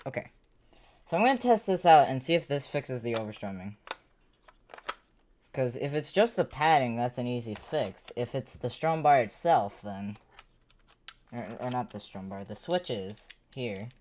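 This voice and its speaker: Brief: woman streamer, very deep voice, rambling casual chat with some swearing, faint noise behind. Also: animated, unhurried, a little mellow. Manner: rambling, swears, talks to herself while working. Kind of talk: casual livestream chat while tinkering.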